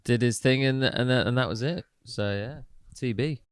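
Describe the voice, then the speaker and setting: A man's voice: medium pitch, normal speed, clean tone, dry recording, studio quality. A man in a band answering interview questions, easygoing and giggly, with many fillers. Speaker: band member. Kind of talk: casual interview chat.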